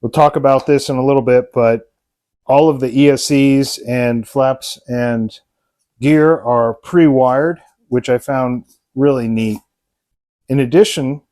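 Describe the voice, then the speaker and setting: A man's voice: medium pitch, dark tone. A man hosting a hobby vlog, narrating an unboxing in a casual, enthusiastic way with frequent ums and uhs. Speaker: RC model hobbyist and channel host.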